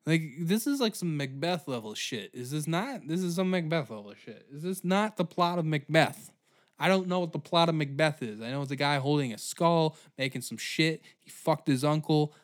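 Comic history podcast host, crude and animated, slightly high voice. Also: male voice, moderate pace. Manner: profane, laughing, animated riffing. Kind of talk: comedic history monologue.

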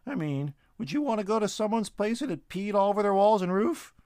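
A man putting on a chatty male squirrel with a high, chirpy voice that hops around in pitch. He chatters in quick bursts with a cheeky tone, read dry and close for a storybook. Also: lively intonation, a little mellow, dry recording.

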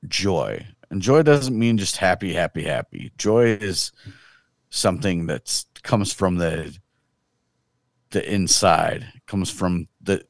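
In a dry recording, a man with a low voice co-hosts a podcast, reflecting in a relaxed way on faith and often leaving thoughts unfinished.

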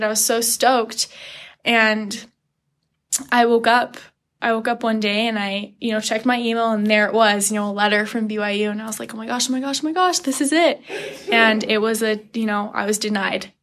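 A young woman telling a personal faith story as an interview guest, earnest and animated, acting out her own past thoughts. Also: medium pitch, normal speed. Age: young adult. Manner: earnest, animated retelling with quoted inner thoughts and laughs.

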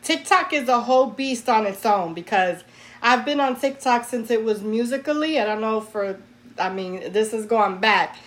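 A woman co-hosting a podcast, chatting in a relaxed way and leading a quick question game. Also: on the high side. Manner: relaxed, leads games with "right?" tags. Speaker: podcast co-host. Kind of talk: casual podcast chat.

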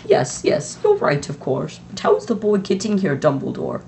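Stern old witch lady, fussy, kinda high, teen reader doing her in a homemade audiobook, bit of hiss. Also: wildly swooping pitch, normal speed, vocal fry, darkish tone. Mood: indignant. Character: stern older female witch professor. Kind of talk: amateur audiobook reading.

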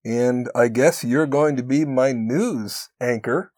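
A male podcast co-host speaks earnestly and encouragingly in a conversational show, his pitch sitting mid-range. He slows down whenever he wants to stress a key point. The sound is close, dry, a little mellow and free of echo.

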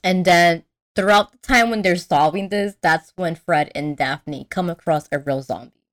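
On her podcast, a young woman with a lowish voice talks at normal speed as she casually goes through a cartoon film's story. She's animated, acts out the quotes, and doesn't hold back on swearing.

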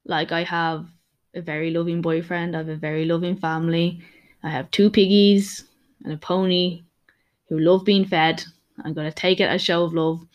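A young woman coach hosts a solo podcast, speaking in a slightly low voice. She talks in a frank, candid way and rambles, often restarting her sentences mid-thought. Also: little pitch movement, moderate pace, muffled recording. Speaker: podcast host and personal trainer. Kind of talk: casual solo podcast monologue.

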